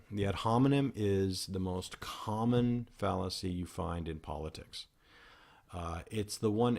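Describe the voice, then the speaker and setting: A man's voice: lowish voice, creaky, darkish tone. Rambling man hosting a podcast talk. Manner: rambling, with frequent restarts and self-corrections. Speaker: podcast host. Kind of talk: solo explanatory podcast talk.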